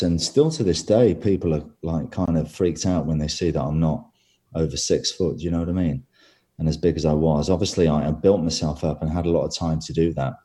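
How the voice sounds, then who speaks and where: A man with a Birmingham accent speaks low and mellow. He talks easygoing and self-deprecating, chuckling between thoughts as he answers an interviewer. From England. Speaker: actor, guest.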